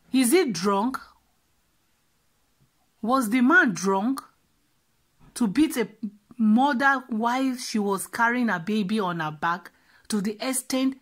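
A woman giving upset, repetitive commentary on a news story as a vlogger. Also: fairly high pitch. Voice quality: husky.

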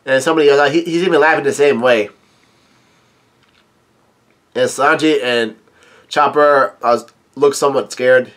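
A man recapping a comic chapter in a casual read-through, at a middling pitch. He talks in a halting way and often restarts his sentences. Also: fairly bright tone. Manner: halting, many restarts and fillers. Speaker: comic reader and YouTube reviewer.

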